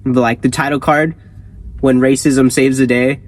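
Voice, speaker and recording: A man hosting a channel, reading a horror story aloud and breaking off into rambling, excitable comedic tangents. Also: mid-range voice, measured pace, low-quality recording. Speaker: host.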